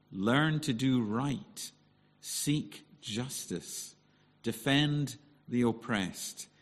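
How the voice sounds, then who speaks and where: A man with a soothing Scottish accent reading a Bible passage aloud in church, measured and steady. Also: mid-range voice, in a large hall. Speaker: scripture reader.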